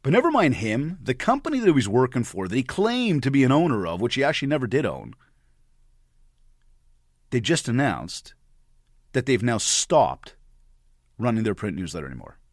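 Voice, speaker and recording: A man of about forty, a podcast host, telling an animated story and often repeating words as he gets worked up. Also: mid-range voice, moderate pace, pauses often, no room sound, studio quality. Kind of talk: storytelling monologue.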